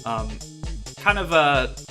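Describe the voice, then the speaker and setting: A man's voice: fairly high pitch, animated, slow pace. A young man with a Midwestern accent, chatting casually while streaming a video game, filling his talk with lots of "like" and "uh". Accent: American Midwestern. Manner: rambling, many fillers like "like" and "uh". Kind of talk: casual live-stream chat. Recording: game music behind the voice.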